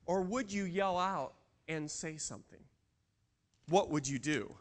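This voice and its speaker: A man's voice: a little high, measured pace. A man preaching a sermon in a church, telling a story and asking the congregation questions. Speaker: pastor.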